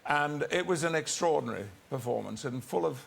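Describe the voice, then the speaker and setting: Brief: man with a raspy edge and bright tone, halting earnest chat. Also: on the high side, expressive. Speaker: talk show guest. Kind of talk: casual chat.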